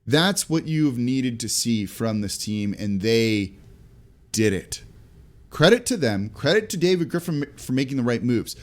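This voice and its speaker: A man hosting a solo sports podcast, talking through basketball news in an energetic, conversational way with quick asides. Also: mid-range voice. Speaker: podcast host.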